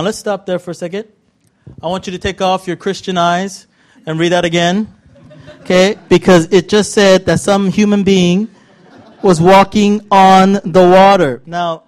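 A male pastor from California preaching a conversational sermon to a congregation, playful and animated, with frequent asides and questions to the audience. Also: sits high.

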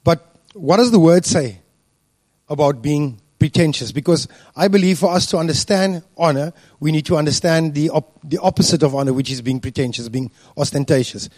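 A man giving a sermon, speaking deliberately with frequent fillers and restarts. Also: fairly high pitch, darkish tone, no room sound. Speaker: preacher.

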